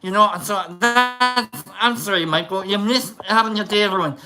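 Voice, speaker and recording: A livestream host giving casual, rambling shout-outs to viewers, joking around. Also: medium pitch, moderate pace, music in the background. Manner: jokey, rambling, tries silly voices.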